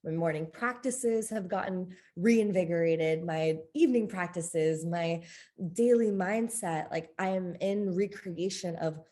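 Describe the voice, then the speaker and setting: A woman speaking as a podcast guest in a candid interview, open and expressive, often breaking into laughter. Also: lowish voice, unhurried.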